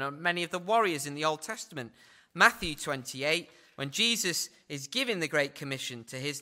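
A man's voice: sits high, pushed and bright. A man preaching a sermon in a conversational way, often adding tag questions.

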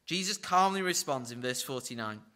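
A man giving verse-by-verse Bible teaching, acting out quoted lines with big swings in pitch and dropping in wry asides. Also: expressive, moderate pace, pushed and bright.

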